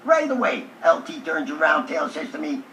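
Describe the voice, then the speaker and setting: A man being interviewed, telling a lively anecdote with a streetwise, joking delivery. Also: on the high side, brisk, a little hiss or hum. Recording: echoey room, distant mic.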